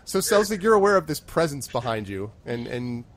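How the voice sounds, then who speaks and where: A man's voice: on the high side, sing-song, brisk. Hesitant male game master. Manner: hesitant, many fillers. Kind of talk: narrating a tabletop game.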